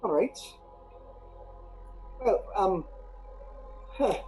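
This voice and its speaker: A man's voice: high voice, expressive, drawn-out words, dark tone, soft background music, low-quality recording. A man narrating as game master of a tabletop game, rambling with many fillers and restarts.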